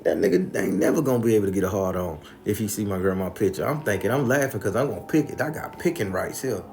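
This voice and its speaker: Crude, animated male storyteller. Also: on the low side, fast talker, slight background noise. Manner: crude, animated, profane slang. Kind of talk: comedic storytelling.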